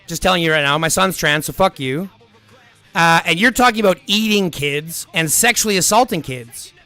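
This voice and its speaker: A man's voice: fairly high pitch, normal speed, sharp tone, dry recording, soft background music. A man live-streaming who answers viewer comments in a blunt, profane, argumentative way.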